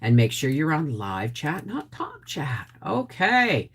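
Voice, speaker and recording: A woman's voice: deep voice, huge pitch swings, slow, breathy edge. An older woman hosting a casual livestream, chatting and greeting viewers by name. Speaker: homestead channel host.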